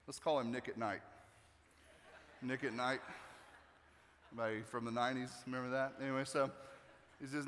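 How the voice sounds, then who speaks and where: A male pastor preaching a sermon in a relaxed, joking way, acting out the people in the story. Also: mid-range voice, fairly quick, long pauses. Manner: conversational and joking, acting out quotes. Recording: long hall reverb.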